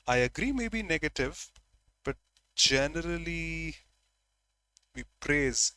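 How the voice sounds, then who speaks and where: A man teaching an online exam-prep lesson, calling on students by name and acting out examples in a lively way. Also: a little high, takes it slowly, pauses often, clear, resonant tone, no room sound.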